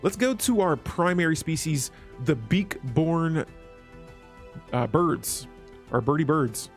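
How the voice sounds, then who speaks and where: A man's voice: fairly high pitch, expressive, slow pace, faint music behind. A man hosting a strategy game let's play, chatting casually with his viewers as he clicks through menus. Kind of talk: gameplay commentary.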